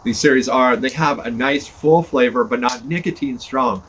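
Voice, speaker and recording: An older podcast host sits by a fire on his front porch outdoors, chatting casually to camera in a folksy, self-deprecating ramble. His voice is mid-range and fairly bright at a moderate pace. The fire crackles and cars pass in the background.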